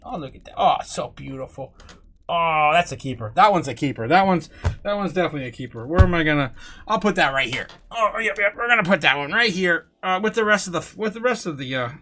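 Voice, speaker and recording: A young man hosting a crypto livestream, rambling, laughing, swearing and exclaiming loudly, a bit tipsy. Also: sits high, slight background noise. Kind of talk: rambling live-stream chat.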